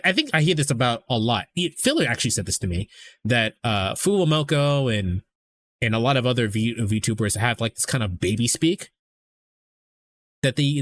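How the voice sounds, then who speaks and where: A young adult man streamer rambling casually to his chat, swearing freely and restarting his sentences often. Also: medium pitch.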